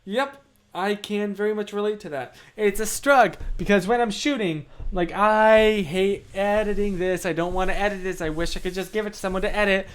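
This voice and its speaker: A man's voice: high-pitched, a little fast, fairly bright tone. A young man hosting a livestream, chatting playfully and answering viewer comments with self-deprecating humor. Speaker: livestream host. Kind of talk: casual livestream chat, reading comments.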